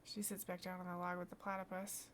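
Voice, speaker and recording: A woman's voice: fairly low pitch, flat delivery, fast talker, a bit bright, a little hiss or hum. A woman streamer reading a story game aloud, with chatty, amused asides between the lines.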